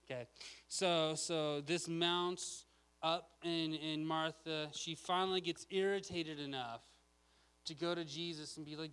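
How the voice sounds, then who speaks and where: Casual male preacher, a bit high, bright tone, conversational. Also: moderate pace, rough recording. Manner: casual, chatty, lots of "okay?". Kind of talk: sermon.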